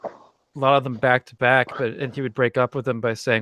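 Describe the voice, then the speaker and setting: A man's voice: mid-range voice, level tone, fairly quick, fairly bright tone, dry recording. A man hosting a casual group chat, telling stories and laughing often. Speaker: host.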